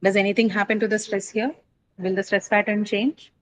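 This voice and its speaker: A woman's voice: medium pitch, flat delivery, fairly quick, a little hiss or hum, low-quality recording. A woman teaching English word stress in a classroom lecture, explaining patiently, asking students questions and often checking with "right?".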